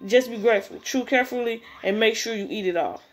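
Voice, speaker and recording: A woman voicing a domineering male high school bully who barks harsh, contemptuous orders. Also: fast, a little hiss or hum, close to an everyday voice. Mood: harsh bossy.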